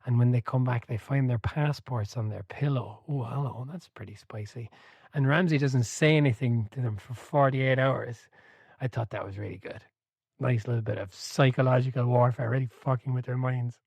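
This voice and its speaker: A man hosting a book club podcast, chatting casually and telling stories with animated energy, laughing and swearing freely. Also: medium pitch, moderate pace, creaky, breathy edge, no room sound.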